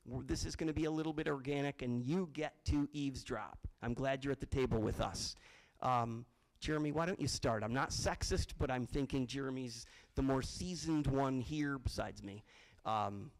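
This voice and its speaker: A man's voice: mid-range voice, moderate pace, rough recording. A man from college admissions opening a live-streamed panel, telling a parable with self-deprecating jokes. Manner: jokey, self-deprecating, storytelling.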